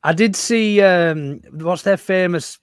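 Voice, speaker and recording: Brief: male co-host, raised pitch, chatty anecdotes, dry close mic. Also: takes it slowly, clean tone, dry recording. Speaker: podcast co-host. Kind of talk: casual football chat.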